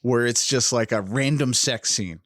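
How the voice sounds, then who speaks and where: A man's voice: mid-range voice, normal speed, a bit bright, no echo. A man co-hosting a film podcast, rambling and profane, with restarts and laughs. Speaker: podcast co-host. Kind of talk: casual film podcast chat.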